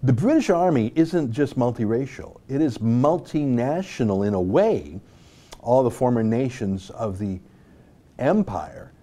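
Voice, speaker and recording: A man from North America hosts an online show with casual commentary. He rambles and turns sarcastic, breaking off for asides. His voice sounds mellow and warm. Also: mid-range voice, sing-song, unhurried.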